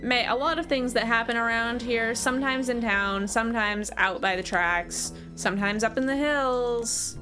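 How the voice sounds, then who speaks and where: A woman reading the lines of a stern small-town police officer in a video game, in a measured, warning tone. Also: on the high side, over music, lightly acted.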